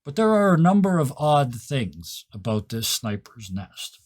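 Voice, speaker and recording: A man narrating as game master of a tabletop game, descriptive and halting with fillers. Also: mid-range voice, big pitch swings.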